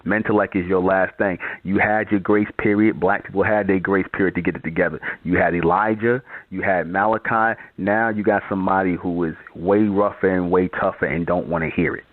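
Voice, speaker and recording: A man's voice: low-pitched, fairly even intonation, fairly quick, hardly any pauses, no room sound. A man hosting a call-in show, blunt and profane, repeating his points as he lectures a caller. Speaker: channel host taking calls. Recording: tinny phone-like sound.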